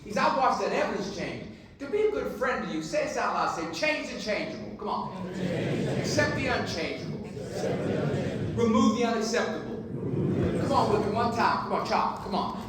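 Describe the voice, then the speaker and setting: A high-voiced man gives a keynote speech at a dinner. He is punchy and preachy, and he jokes with the crowd as he goads them on. His voice rings through a very echoey banquet hall, picked up by a distant mic with faint noise underneath. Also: expressive, normal speed. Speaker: keynote speaker.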